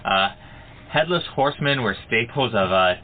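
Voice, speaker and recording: A man's voice: mid-range voice, expressive, moderate pace. A man co-hosting a casual horror book club podcast, laughing often and tripping over his words. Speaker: podcast co-host. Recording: tinny phone-like sound, faint noise.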